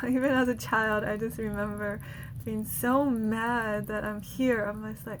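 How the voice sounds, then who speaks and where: A woman's voice: a little high, fairly even intonation, unhurried, background noise. A woman energy healer giving a casual guided healing talk, chatty and laughing often between phrases.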